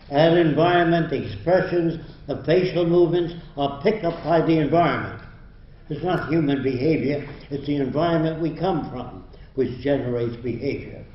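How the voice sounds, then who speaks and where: A man's voice: a little high, normal speed. An older man giving a university lecture in a blunt, emphatic, lecturing manner. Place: lecture hall. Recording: roomy, dull lo-fi hall recording.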